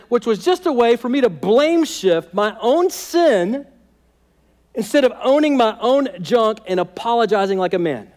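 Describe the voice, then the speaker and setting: A man's voice: very high voice, expressive, measured pace, a little mellow. A man preaching a sermon as pastor, conversational and humorous, often checking in with "right?".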